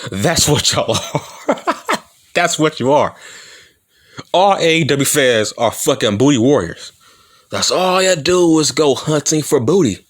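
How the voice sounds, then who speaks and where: A man's voice: medium pitch, a bit bright. A man from California with slurred, mushy speech and stutters, ranting as a wrestling vlogger in a taunting, profane heel-style promo. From Compton, California. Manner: taunting, combative, swearing often.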